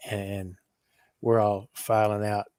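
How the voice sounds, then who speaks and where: A man in his sixties, a guest in a casual live chat, telling stories in a rambling way and clearing his throat often. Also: fairly low pitch, level tone, takes it slowly, darkish tone, no echo. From Texas. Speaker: guest on a livestream.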